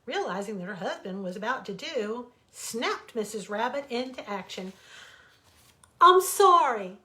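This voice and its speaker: A woman author reading a bedtime fable aloud in an expressive, dramatic storytelling manner. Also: mid-range voice, normal speed. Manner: expressive, dramatic, warmly animated. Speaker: author reading her own stories.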